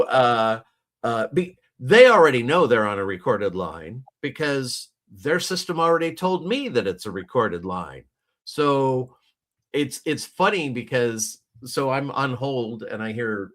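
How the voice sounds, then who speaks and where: A man's voice: mid-range voice, a bit bright. A man co-hosting a casual chat, talking in a loose, rambling way with many restarts and fillers, over a video call. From United States. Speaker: podcast co-host.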